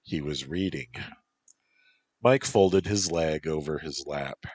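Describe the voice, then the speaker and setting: A man calmly narrating a story as an audiobook. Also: a bass voice, slow, slightly rough, no room sound.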